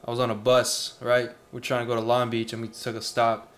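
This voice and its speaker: A man's voice: mid-range voice, monotone, a little fast, fairly bright tone. A man from Southern California chatting with friends on a podcast, laid-back and joking, with lots of slang. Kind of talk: casual chat among friends.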